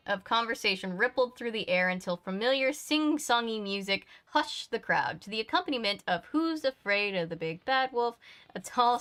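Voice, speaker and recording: A woman's voice: mid-range voice, bright, forceful tone. A woman hosting a casual read-aloud, reading a storybook steadily and drifting into chatty asides between passages. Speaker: channel host reading a book aloud.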